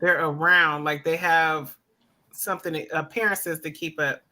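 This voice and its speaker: A woman's voice: low voice, steady tone, measured pace, pushed and bright. A woman on a podcast, casually and chattily telling a personal anecdote. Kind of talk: casual chat.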